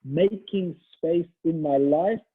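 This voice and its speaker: A rabbi gives a holiday sermon, telling a story in a loose, conversational way with frequent restarts. His voice is somewhat high and husky, and it comes through a thin, phone-like line. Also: takes it slowly. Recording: tinny phone-like audio.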